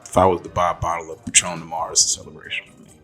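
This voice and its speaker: A man's voice: deep voice, flat delivery, rapid-fire, bright, forceful tone, soft background music. A man chatting on a casual podcast in a laid-back way, throwing in joking asides. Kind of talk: casual chat.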